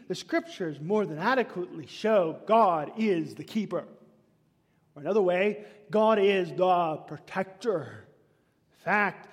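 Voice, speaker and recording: A man preaching a sermon, emphatic, swinging between loud declaiming and hushed whispers. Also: high-pitched, slightly rough. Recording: long reverb of a large hall.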